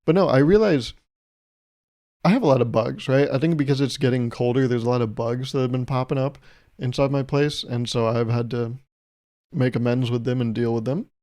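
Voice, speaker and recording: A man's voice: medium pitch, fairly even intonation, fairly quick, dark tone. A man hosting a solo comedy podcast, rambling through stories in a self-mocking way and laughing often. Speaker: podcast host.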